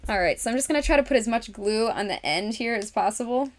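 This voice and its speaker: This host of a relaxed crafting stream has a slightly high, animated voice and speaks quickly. Laughing frequently, she addresses her chat and talks herself through every step.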